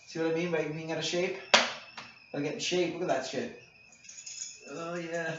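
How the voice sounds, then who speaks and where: A man's voice: a little high, steady tone, moderate pace, long pauses, sharp tone. A young man rambling crudely and mocking himself, with many fillers, in a solo podcast monologue recorded on a camera mic in a small room at home. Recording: echoey room, dull lo-fi camera audio, faint noise.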